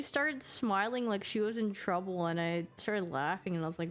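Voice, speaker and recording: A woman's voice: medium pitch, lively intonation, brisk, few pauses, soft background music. A woman streamer chatting casually and giggling, acting out her pet's reactions as she talks. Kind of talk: casual chat.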